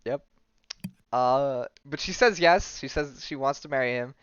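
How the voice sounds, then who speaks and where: A podcast host, retelling a comic story in casual chat and acting out the characters' lines. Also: male voice, medium pitch, a little slow, clear, resonant tone, no room sound, muffled recording. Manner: rambling storyteller, acts out quotes in a loose offhand way.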